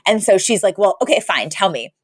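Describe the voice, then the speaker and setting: A woman's voice: mid-range voice, brisk, slightly rough, no room sound, clean studio sound. A woman co-hosting a podcast, recapping a TV episode in casual chat and acting out the characters' lines as she goes. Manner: animated storytelling, acting out quotes. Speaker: podcast co-host.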